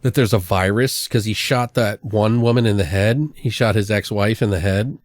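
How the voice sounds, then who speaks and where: A man co-hosting a podcast, retelling a movie's scenes in a casual, excited way with lots of swearing and acted-out lines. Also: fairly low pitch, moderate pace, no echo. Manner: excited, profane storytelling, acts out film lines. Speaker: podcast co-host. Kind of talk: casual movie review chat.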